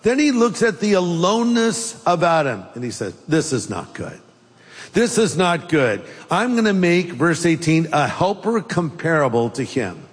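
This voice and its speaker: High-voiced preaching man, reverberant hall. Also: big pitch swings, moderate pace, slightly rough. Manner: playful, jokes and puts on silly accents. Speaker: pastor. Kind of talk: sermon.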